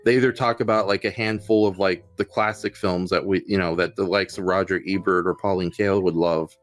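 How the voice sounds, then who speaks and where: A man's voice: low voice, steady tone, brisk, soft background music. A man hosting a casual film podcast, rambling with many fillers and restarts. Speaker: podcast host.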